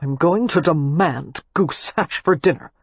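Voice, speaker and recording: A woman's voice: deep voice, measured pace, slightly rough, dry recording, dull audio, exaggerated voice. A woman narrator voicing a curt, impatient young male entrepreneur with dry sarcasm, in an audiobook. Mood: sardonic. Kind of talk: audiobook character reading.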